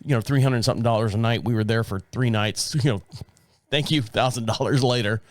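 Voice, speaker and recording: A middle-aged man from the United States tells a story in a casual, rambling podcast monologue. He chuckles now and then and repeats phrases. His voice sits in a middle pitch, recorded dry and close with no room sound. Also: a little fast, no room sound. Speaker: podcast host.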